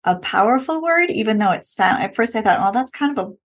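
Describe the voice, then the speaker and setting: A woman speaks as a guest on a casual interview show. She talks about teaching in an earnest, reflective way and sometimes acts out excited little voices from her classroom. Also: on the high side, fast. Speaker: elementary art teacher, guest.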